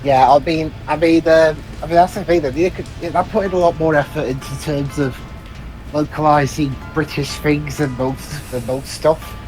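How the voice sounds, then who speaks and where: A man's voice: a little high, steady tone, moderate pace, a little mellow, soft background music, poor audio. A man co-hosting a casual gaming chat, explaining a point with repeated restarts. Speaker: podcast co-host.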